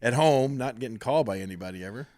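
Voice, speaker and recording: Here the same former wrestler from the American South talks fast, his medium-pitched voice expressive and a little mellow, with clean studio sound and no room noise. Hosting his podcast in a casual, storytelling mood, he rambles, laughs, and imitates the people he quotes.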